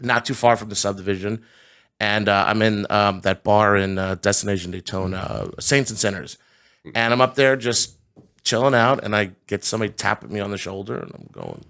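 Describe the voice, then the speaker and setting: Low-voiced man telling stories. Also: fairly even intonation, fairly quick, vocal fry, a bit bright. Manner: laughs through anecdotes. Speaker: home builder guest. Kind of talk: casual storytelling.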